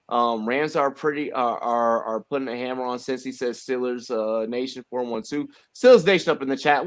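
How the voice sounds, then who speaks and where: Animated, repetitive livestream host. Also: male voice, medium pitch, dry recording. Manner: animated, repeats himself, many fillers. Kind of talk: casual livestream chat.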